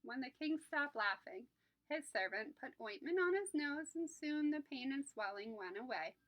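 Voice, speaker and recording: A woman's voice: sits high, moderate pace, poor audio. A woman, a Sunday school teacher, reading a picture book aloud to children and asking them questions along the way. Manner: animated, asks the children questions.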